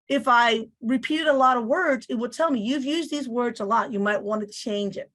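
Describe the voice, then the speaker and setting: A woman teacher with a Spanish accent and a slight lisp, explaining a software tool step by step. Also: sits high, fairly quick, few pauses. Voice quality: slight lisp on some words. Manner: explanatory, repeats phrases, voices on-screen prompts. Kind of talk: instructional screen-share walkthrough.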